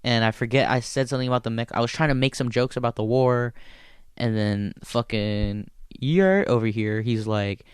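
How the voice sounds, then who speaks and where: A man's voice: mid-range voice, moderate pace, clean tone, no room sound, clean studio sound. A man who is a stand-up comedian, telling stories in a casual, profane, rambling way. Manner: profane, rambling, animated storyteller. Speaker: stand-up comedian and show host. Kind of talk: casual storytelling chat.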